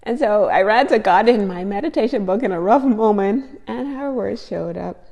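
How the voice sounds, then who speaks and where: Gravelly, effusive woman vlogging about faith. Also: mid-range voice, expressive, normal speed, darkish tone, long reverb tail. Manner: effusive and emotional, repeats phrases for emphasis. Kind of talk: casual faith vlog to camera.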